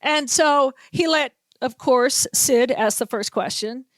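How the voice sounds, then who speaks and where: A woman with a Boston accent, a podcast host and sports reporter telling an animated story and acting out the quotes. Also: sits high, slow, no echo. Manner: animated storyteller, acts out quotes, laughs often. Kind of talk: casual storytelling chat.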